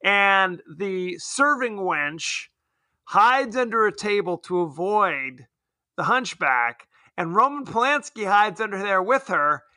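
A man co-hosting a podcast, rambling and joking in casual movie chat, quick to laugh. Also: high-pitched, lively intonation, pushed and bright, no room sound, clean studio sound. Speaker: podcast co-host.

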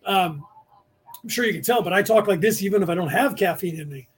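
A middle-aged man from the San Francisco Bay Area with a notably high voice for a man, racing through a casual spiritual class. His delivery is rapid and rambling, leaping from one thought to the next with restless energy as he hosts his podcast. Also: husky. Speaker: podcast host teaching a class.

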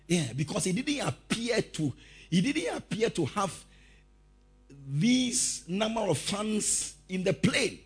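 A male preacher giving a lively sermon, telling stories, shouting out quotes and laughing as he goes. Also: high voice, unhurried, husky.

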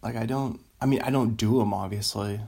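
A man's voice: fairly low pitch, a little fast, gravelly, a little mellow, husky. A man rambling in a casual solo chat, often trailing off and laughing at his own ideas. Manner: meandering, self-interrupting, laughs often.

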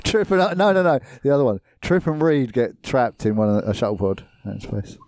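A man in casual film chat who throws in quick, sweary asides. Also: mid-range voice, sing-song, a little mellow, dry recording, clean studio sound.

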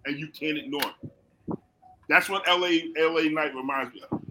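A man's voice: fairly high pitch, moderate pace, noisy background. A man co-hosting a podcast, chatting casually and teasing the others with jokes. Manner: animated, joking, teasing. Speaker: podcast co-host. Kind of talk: casual chat.

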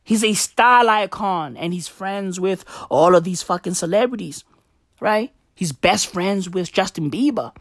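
A woman doing a profane, rambling stand-up monologue, now and then bursting into shouts. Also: medium pitch, lively intonation, measured pace, no echo, studio quality. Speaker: comedian.

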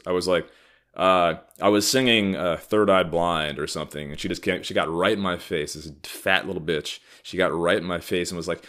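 A man in his thirties hosting a solo podcast, talking bluntly and profanely in a heated, animated rant. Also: sits low, moderate pace. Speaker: podcast host. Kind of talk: solo ranting podcast talk.

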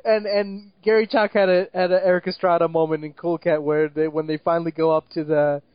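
A man's voice: fairly high pitch, flat delivery, brisk, no room sound, highs cut off. Exasperated, profane young-sounding man ranting. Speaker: movie review podcast co-host. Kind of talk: casual ranting movie review chat.

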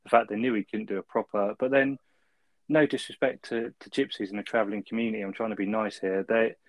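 A man's voice: on the low side, fairly even intonation, fast, dry recording, rough recording. A man co-hosting a film review podcast, easygoing and chuckling, ending points with tag questions. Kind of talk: casual chat.

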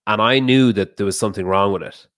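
A man talking as a podcast guest, telling a heated story fast and swearing often. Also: on the low side, a bit bright, no echo, studio quality. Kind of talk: casual podcast chat.

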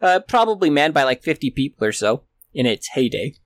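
A man running a sci-fi tabletop game as game master, describing scenes in a relaxed, hesitant way. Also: on the high side, fairly quick, no room sound, clean studio sound.

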